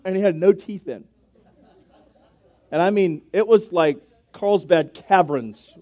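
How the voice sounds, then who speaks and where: A middle-aged male pastor preaching a sermon in a church, telling chatty homespun stories and reading scripture slowly. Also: high voice, mellow, lo-fi sound. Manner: folksy, chatty storytelling with scripture read slowly. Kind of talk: storytelling sermon. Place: church sanctuary.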